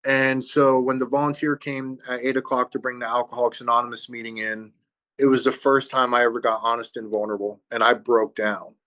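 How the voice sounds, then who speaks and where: Man sharing his recovery testimony: mid-range pitch, earnest, halting delivery with pauses. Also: level tone, sharp tone. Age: adult with children. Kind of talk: personal testimony.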